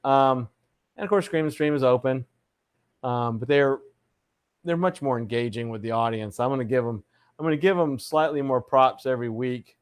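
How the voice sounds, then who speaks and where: A man hosts a casual live chat show, greeting viewers with playful showman flourishes and reading their comments aloud. His voice is medium-pitched, clear, and resonant, at a moderate pace.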